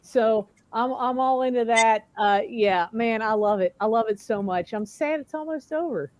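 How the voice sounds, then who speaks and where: A woman's voice: a little high, normal speed, no room sound. A woman panelist in casual sports chat, talking in a fired-up, emphatic rant.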